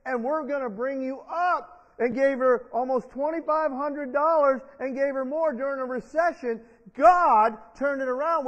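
A male pastor preaching a sermon in church, leading the congregation in call-and-response. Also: extremely high pitch. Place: church sanctuary. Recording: dull long-reverb church sound.

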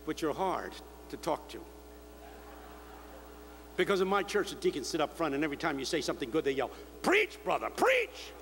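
An older man preaching a sermon to a big crowd, telling stories and acting out the shouts of others. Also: fairly high pitch, brisk, pauses often. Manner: storytelling, mimicking shouts of others. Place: large convention hall. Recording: echoey hall with faint hum.

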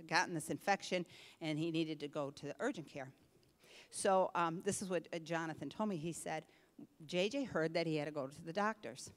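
An older woman pastor preaching a sermon with animated delivery, dropping to a hush and then rising to force. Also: low voice. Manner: animated preaching, swinging between hushed and forceful. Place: church sanctuary. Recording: reverberant church hall.

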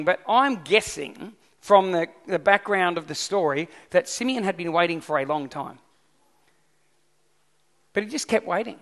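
A man preaching a sermon as pastor, lively and often putting questions to the congregation. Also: sits high. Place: church hall. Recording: long hall reverb.

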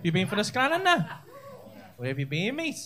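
Brash sweary comedian, lively pitch. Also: male voice, fairly quick. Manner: brash, sweary, teasing banter with the audience. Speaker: stand-up comedian. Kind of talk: crowd work stand-up. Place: comedy club stage. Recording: live club show with loud crowd laughter. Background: laughing audience.

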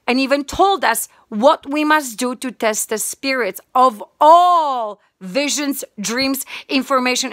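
Woman preaching hard, higher voice, keeps repeating herself, super dry no room sound. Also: fairly bright tone, no room sound. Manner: fervent, repetitive and emphatic. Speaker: online preacher. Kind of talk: impassioned religious sermon.

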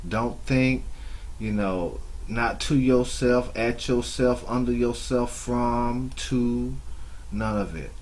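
A man giving mocking reaction commentary on another streamer's clip, scolding her with drawn-out asides. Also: mid-range voice, steady tone, darkish tone, slight background noise. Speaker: YouTube commentator.

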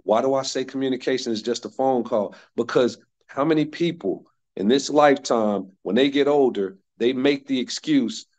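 A man's voice: medium pitch, normal speed, a little mellow, muffled recording. Emphatic man in his fifties lecturing. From North Carolina, United States. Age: 50s. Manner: emphatic, repeats key phrases for stress. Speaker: workshop speaker. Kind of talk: motivational workshop talk.

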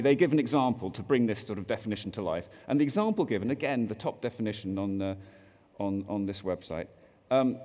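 A man's voice: mid-range voice, a little mellow, big-room sound. A man with a British accent giving a conference keynote, a joking presenter who reads out quotes in mock voices. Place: large conference hall.

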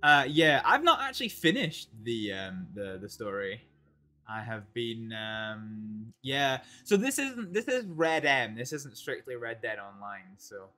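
Bright-voiced Scottish man, chatty. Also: mid-range voice, huge pitch swings, unhurried. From Scotland. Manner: chatty, hesitant with many fillers. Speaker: streamer and roleplayer. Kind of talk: live-streamed game roleplay chat.

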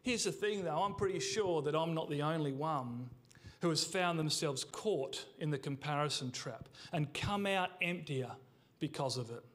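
High-voiced man preaching a sermon. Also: expressive. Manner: emphatic, with slowed words and drops to a hush; addresses the congregation directly. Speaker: pastor.

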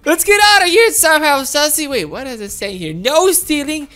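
A woman giving excited gameplay commentary, gasping and laughing as she talks to her viewers. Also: sits high, fairly quick. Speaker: gameplay video host.

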